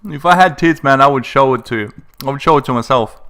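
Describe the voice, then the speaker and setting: A man's voice: mid-range voice, fast talker, a bit bright. Joking, blunt man hosting a live Q&A. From South Africa. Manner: joking, laughs often, crude and blunt. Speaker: channel host answering viewer questions. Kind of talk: casual live-stream Q&A.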